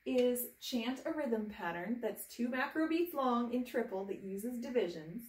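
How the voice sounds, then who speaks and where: A woman's voice: fairly high pitch, expressive, moderate pace, a little mellow, reverberant, far from the mic. A woman teaching a piano lesson to students at home, patient and encouraging, walking through each step and chanting rhythm syllables. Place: room with a piano. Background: piano playing.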